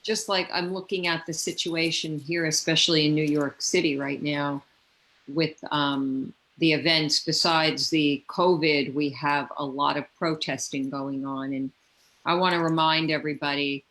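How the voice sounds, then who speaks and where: A woman speaking as a guest in a spiritual conversation, gentle and heartfelt, often restarting her sentences. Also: deep voice, fairly even intonation, a little slow, poor audio.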